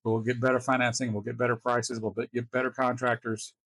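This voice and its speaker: A man hosting a reaction video, telling personal stories in a halting, casual way with wry chuckles. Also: medium pitch, level tone, fairly bright tone, no room sound. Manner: halting, restarts often, chuckles wryly.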